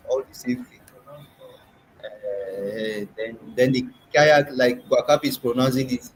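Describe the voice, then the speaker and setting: A man's voice: medium pitch, fairly even intonation, takes it slowly, long pauses, a little hiss or hum, rough recording. A man with a Nigerian accent teaching an in-person workshop, patiently quizzing the class and repeating sounds aloud. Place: classroom or meeting room.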